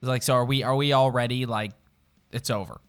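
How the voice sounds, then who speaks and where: Sports podcast co-host, male, stuffy nasal cold voice, rambling casual delivery, mid pitch. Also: fairly even intonation, a little fast, clean tone, faint music behind. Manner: rambling, filler-heavy, emphatic.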